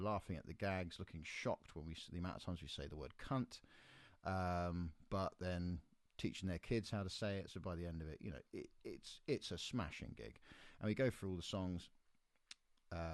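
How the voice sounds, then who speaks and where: A man hosting his own podcast, telling a tour anecdote in a casual, animated way and acting out the people he quotes. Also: low-pitched, dry recording, studio quality. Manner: animated teller, acts out quoted voices. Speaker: podcast host and musician.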